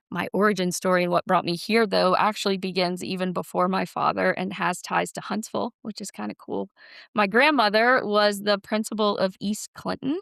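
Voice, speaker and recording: A woman's voice: mid-range voice, creaky, fairly bright tone, smooth, dry recording, clean studio sound. A woman, a school's director of development, telling family stories earnestly in a casual podcast interview. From Alabama, USA. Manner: earnest storytelling, frequent ums.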